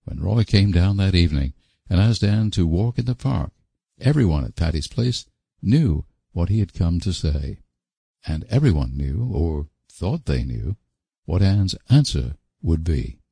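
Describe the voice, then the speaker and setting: A man narrating an audiobook in a measured, expressive storytelling manner. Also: low-pitched, gravelly, slightly rough, no echo. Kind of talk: scripted narration.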